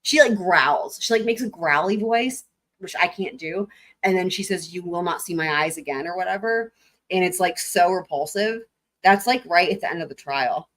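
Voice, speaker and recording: A woman's voice: on the low side, lively intonation, normal speed, a bit bright. A woman hosting a live stream, chatting casually and laughing while reacting to trial footage, swearing freely.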